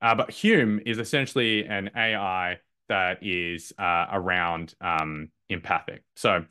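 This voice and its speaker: A man's voice: low voice, steady tone, unhurried, hardly any pauses, pushed and bright, clear, resonant tone. Upbeat man presenting a live webinar. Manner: loose, upbeat, many fillers and restarts. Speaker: masterclass presenter.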